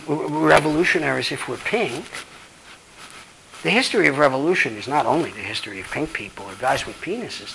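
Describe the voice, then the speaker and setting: High, lively, gravelly-voiced man lecturing. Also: rough recording. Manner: emphatic, blunt, profane. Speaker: law professor. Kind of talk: lecture with audience Q&A.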